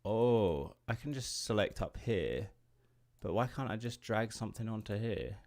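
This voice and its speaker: An English man in his late twenties talks through a livestream as he works, in a slightly low voice. He rambles and loses his thread, laughs often and swears offhandedly as he chats. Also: a little slow, a little mellow. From England. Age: late 20s. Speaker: indie game developer streaming. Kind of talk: casual livestream chat while drawing.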